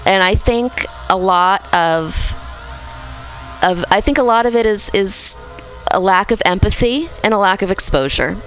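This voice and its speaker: A woman's voice: mid-range voice, expressive, measured pace, a bit bright, faint music behind, rough recording. A woman from the US Midwest talking casually as co-host of a radio show, thoughtful and prone to restarting her sentences. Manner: thoughtful, restarts often, laughs easily. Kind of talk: casual conversational talk. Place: small radio studio.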